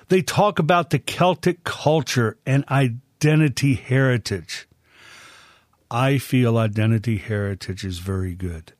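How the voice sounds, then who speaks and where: An older man hosting a music show, introducing songs in an unhurried, folksy, chatty way. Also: mid-range voice, a little mellow, no room sound, clean studio sound. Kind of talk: casual spoken introduction of music.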